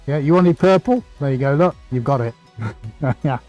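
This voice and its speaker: A man's voice: medium pitch, lively intonation, moderate pace, a little mellow, dry recording, muffled recording, soft background music. A man hosting a painting live stream, chatting casually and reading out greetings to viewers. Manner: chatty, reads out viewer greetings with small restarts.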